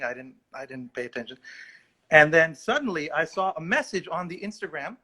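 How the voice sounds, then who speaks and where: A man's voice: a little high, lively intonation, a little fast, pushed and bright. A male actor telling a rambling, self-mocking story in a casual livestream chat. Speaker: actor guest.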